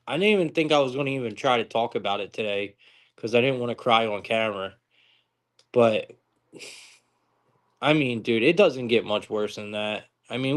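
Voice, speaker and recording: A young man hosting a live sports-betting stream, talking casually with frequent swearing and exasperated outbursts. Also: mid-range voice. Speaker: sports betting show host.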